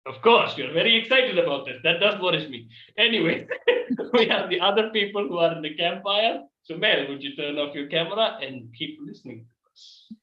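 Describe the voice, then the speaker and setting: A man with a lively, bouncing pitch and a slightly high voice runs an improv comedy scene with playful, dramatic asides. His audio is roomy and dull, like a video call from an echoey room. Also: moderate pace. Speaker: improv host.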